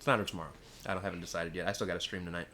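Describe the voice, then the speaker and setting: A man's voice: low-pitched, fairly even intonation, very fast, sharp tone, slight background noise. A man co-hosting a podcast in casual chat, blunt and opinionated, swearing now and then. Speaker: podcast co-host.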